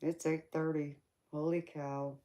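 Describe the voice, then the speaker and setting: A woman's voice: sits low, level tone, unhurried, warm tone. A woman with a Southern US accent, a tarot reader hosting a casual livestream chat, teasing viewers and calling them baby.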